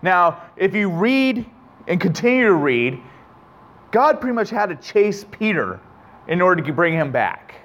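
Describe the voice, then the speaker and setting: A man's voice: sits high, big pitch swings, a little slow, a bit bright. A man with a slightly raised voice delivers a sermon, weaving in an earnest personal story. He reflects on his own failings and often restarts his sentences. The recording is dull and lo-fi. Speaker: preacher.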